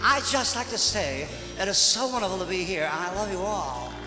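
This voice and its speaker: A man's voice: sits high, very animated, normal speed, music in the background. A man, a singer and impressionist, chatting emotionally to a live audience between songs on a concert hall stage. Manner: emotional, chatty, self-mocking.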